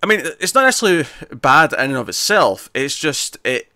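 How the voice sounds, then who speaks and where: A man's voice: on the high side, big pitch swings, fairly quick, pushed and bright, dry recording, studio quality. A man, talking in a hesitant way with many restarts and fillers. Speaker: film reviewer. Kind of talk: casual film discussion.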